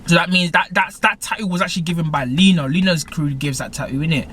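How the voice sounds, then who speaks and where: A man's voice: on the high side, fast talker, pushed and bright, slight background noise. A man rambling through a film's plot in heavy slang, full of fillers. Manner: rambling, heavy slang, repeats "basically" and "innit". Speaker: movie reviewer. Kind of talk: casual film plot recap.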